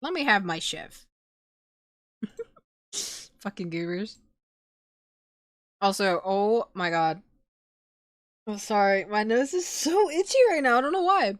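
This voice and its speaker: A woman's voice: mid-range voice, lively intonation, slow pace, pauses often, no echo, clean studio sound. A young woman streaming, chatting casually with viewers, laughing often and swearing freely. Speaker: VTuber streamer. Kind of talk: casual chat reading viewer messages.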